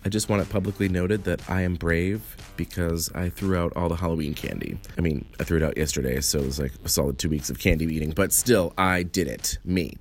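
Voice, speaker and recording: A man with a very low, raspy voice, hoarse from allergies, hosting a podcast. He rambles through quick announcements, poking fun at himself as he goes. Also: faint music behind. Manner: rambling, self-mocking, quick asides. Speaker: podcast host.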